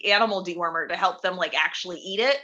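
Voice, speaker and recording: Woman, clear bright voice, friendly anecdote teller on a call. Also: on the low side, fast, muffled recording. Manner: chatty anecdote-telling. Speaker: improv participant. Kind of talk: casual chat.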